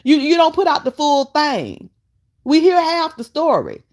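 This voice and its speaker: A woman's voice: high voice, very animated, measured pace, a little mellow. A woman hosting a casual live stream, fussing at her guest and chatting to her viewers. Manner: sassy, fussing, talks straight to chat. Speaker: vlogger host.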